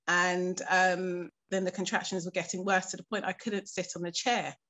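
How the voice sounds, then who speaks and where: A woman telling a painful personal story in a documentary interview, earnest and composed, pausing often with fillers. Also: fairly low pitch, level tone, fairly bright tone. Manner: earnest, halting storytelling with frequent pauses and fillers; keeps her composure while recounting something painful.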